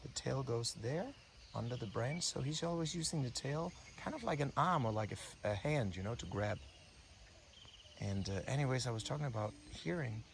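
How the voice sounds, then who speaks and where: Out filming wildlife on a morning walk, the breathing coach talks quietly to himself, unscripted and full of wonder, often restarting. His mid-range voice is expressive and moderately paced. The recording picks up outdoor insect and bird noise.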